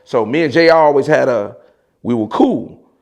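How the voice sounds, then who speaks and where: A man with a Chicago accent telling a story in a casual, animated way, with slang and loose restarts. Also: mid-range voice, normal speed. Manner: animated, mimics voices of others in quotes, frequent laughs and slang.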